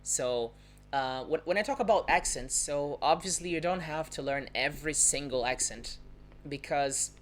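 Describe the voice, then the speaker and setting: Low-voiced Brazilian woman teaching pronunciation. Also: normal speed, soft background music. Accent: Brazilian Portuguese. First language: Portuguese. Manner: explains patiently, repeats example words, checks in with "right?". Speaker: language teacher. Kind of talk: live-streamed language lesson. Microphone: phone or webcam on a live stream.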